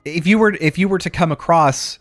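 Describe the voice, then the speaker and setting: A man's voice: a little high, a little fast, a bit bright, dry recording, faint music behind. A man co-hosting a podcast, rambling in casual chat, swearing freely and restarting his sentences. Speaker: podcast co-host.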